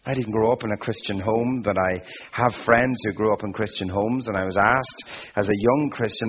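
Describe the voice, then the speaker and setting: Male preacher, sermon, slow emphatic delivery, husky voice, muffled lo-fi recording. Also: fairly low pitch. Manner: slow, emphatic preaching with swelling repeated phrases. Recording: dull lo-fi sound.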